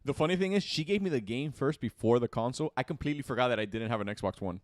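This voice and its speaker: Man, podcast guest, short blunt answers, mid-pitched voice, lots of pitch movement. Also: animated, quick pace, dry recording, clean studio sound. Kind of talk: casual podcast chat.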